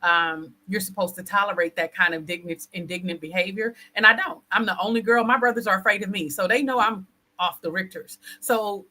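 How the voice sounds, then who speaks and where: A woman interviewer talking in a casual conversation, blunt and assertive, making her points deliberately. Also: mid-range voice, pushed and bright, rough recording.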